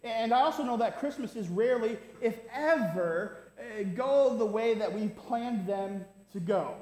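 High-voiced man preaching in an echoey church. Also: a little slow, darkish tone. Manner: conversational, keeps asking "right?". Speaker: pastor. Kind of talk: sermon with a humorous personal story. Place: church sanctuary.

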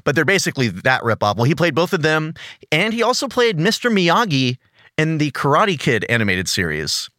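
A man's voice: on the high side, wildly swooping pitch, brisk, sharp tone, no echo, studio quality. A man co-hosting a casual podcast, enthusiastic and giggly as he talks through trivia. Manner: enthusiastic, giggly nerdy banter. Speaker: podcast co-host.

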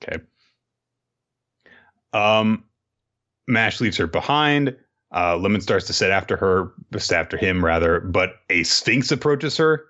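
A man's voice: sits low, a little slow, dull audio. A man co-hosting a podcast, casually recapping manga chapters and acting out lines as he goes. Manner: animated retelling, acting out quoted lines. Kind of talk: casual chat.

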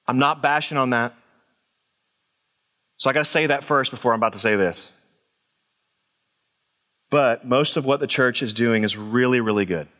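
A middle-aged pastor delivers a sermon in a high, bright voice. He talks expressively, climbing on his points and sinking into quiet, low remarks. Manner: expressive, swings from loud emphatic highs to low quiet asides.

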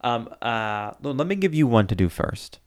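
A man co-hosting a podcast in casual chat, relaxed and rambling with fillers and restarts. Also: medium pitch, normal speed, dry recording. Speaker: podcast co-host.

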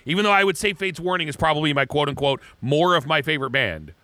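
Rambling podcast man with bright lively voice. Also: fairly high pitch, fast talker, no echo. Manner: rambling, crude joking, frequent restarts. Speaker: podcast co-host. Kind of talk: casual chat.

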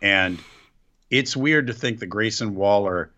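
A man's voice: fairly low pitch, a little slow, sharp tone. A man co-hosting a podcast, giving wry, opinionated takes in casual chat about wrestling. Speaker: podcast co-host. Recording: dull lo-fi audio.

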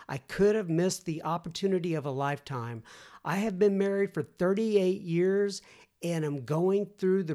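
A man's voice: fairly high pitch, a little mellow. A male podcast host reading listener emails aloud, breaking in with folksy, chatty asides. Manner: folksy, chatty asides between read letters.

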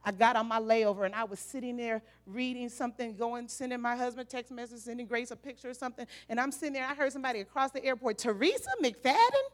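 A woman preacher delivering a sermon, emphatic and repetitive, now and then rising to shouted exhortations. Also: fairly high pitch, quick pace, few pauses.

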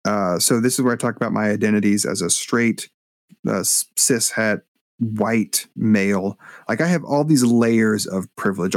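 A man, a guest author and minister, telling a story in a podcast interview with animated, halting delivery. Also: lowish voice, dry recording, studio quality. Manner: animated, acts out voices when retelling, halting restarts.

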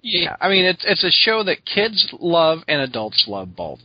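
A man's voice: a little high, sing-song, normal speed, no room sound, dull audio. A man co-hosting a podcast, chatting casually with short, hesitant replies. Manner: brief agreeing replies, hesitant. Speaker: podcast co-host. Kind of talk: casual chat.

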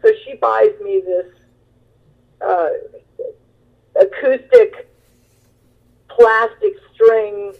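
A woman guitarist being interviewed, telling stories in a chatty, animated way with lots of fillers. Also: on the high side, very slow, vocal fry, long pauses. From Long Beach, California. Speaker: guest musician, guitarist. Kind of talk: interview storytelling. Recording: tinny phone line.

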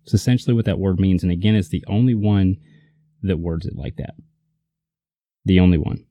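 A man's voice: deep voice, a little fast, no room sound, highs cut off. A man teaching a Bible lesson in a casual, emphatic way, often checking in with his listener. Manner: conversational, emphatic, checks in with "right?".

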